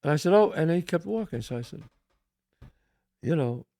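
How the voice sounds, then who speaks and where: An older man with a thick New York accent tells a story on his podcast, rambling and animated, cursing here and there. His voice is gravelly and sits a bit high for a man. The sound is dry and close. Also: moderate pace, no echo. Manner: rambling, animated, swears freely. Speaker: podcast host. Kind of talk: casual storytelling.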